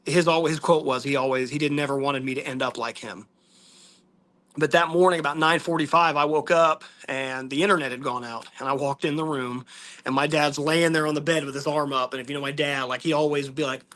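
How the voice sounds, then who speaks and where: Bright-voiced man telling a personal story. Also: medium pitch. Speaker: vlogger.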